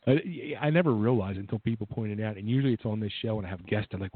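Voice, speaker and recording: A man with a South Philadelphia accent hosting a radio interview over a remote line, enthusiastic and quick to laugh. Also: fairly low pitch. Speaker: radio show host. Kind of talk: casual interview chat. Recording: tinny remote phone line, dry.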